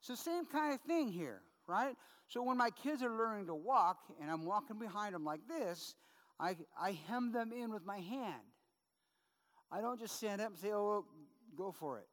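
A man's voice: high-pitched, expressive, moderate pace, fairly bright tone. A middle-aged male pastor preaching a sermon in a chatty, conversational way, often checking in with "right?" and telling funny stories from his own life. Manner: conversational, tag questions, humorous anecdotes. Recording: long hall reverb.

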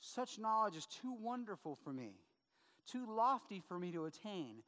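A middle-aged male pastor gives a sermon in a high, light voice. He talks to the congregation casually, mixing humorous stories with scripture. His voice rings out with a long reverb, as if filling a large hall. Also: sing-song, moderate pace, fairly bright tone. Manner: conversational, tag questions, humorous anecdotes.

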